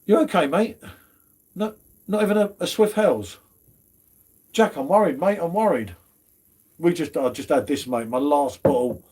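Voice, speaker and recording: A man's voice: fairly high pitch, lively intonation, moderate pace, long pauses, darkish tone, slightly rough. A man hosting a casual beer chat stream, slangy and chatty. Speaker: host of a beer review stream.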